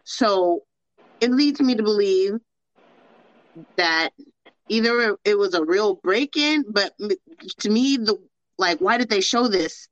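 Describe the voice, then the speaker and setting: A woman co-hosting a casual film podcast, steering the talk scene by scene with halting restarts. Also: mid-range voice, expressive, dry recording, highs cut off. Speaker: podcast co-host. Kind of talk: casual movie discussion.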